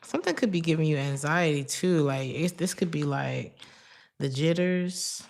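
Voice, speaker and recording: A woman's voice: low-pitched, normal speed, creaky, darkish tone. A woman giving a casual tarot reading, chatty and laughing often, drifting into side stories. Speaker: tarot reader.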